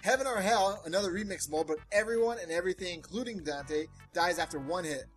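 A man co-hosting a casual gaming podcast, reading news items and riffing excitedly with jokes and swearing. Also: high voice, quick pace, soft background music, poor audio.

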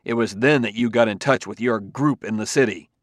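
A man playing a suspicious male police detective who talks in a forceful, intense, accusing way. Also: on the low side, a little fast, no echo, studio quality, natural voice. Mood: heated.

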